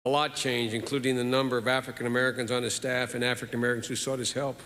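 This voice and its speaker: A man in his sixties giving a formal eulogy in a measured, earnest way with repeated phrases, in a large hall at a funeral. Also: mid-range voice, flat delivery, a bit bright. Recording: reverberant hall.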